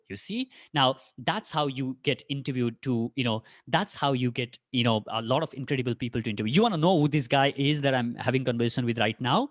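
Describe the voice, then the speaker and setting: A man with an Indian English accent giving an energetic talk to an online conference audience, firing rhetorical questions at them. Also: medium pitch, quick pace, few pauses, no echo, clean studio sound. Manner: animated, addresses audience directly with many rhetorical questions. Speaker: podcaster giving a career talk.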